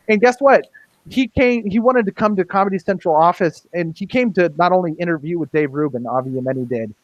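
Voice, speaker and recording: A man's voice: a little high, no room sound, highs cut off. A man on a casual roundtable podcast, talking in a heated, profane, rambling way with many restarts. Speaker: podcast host.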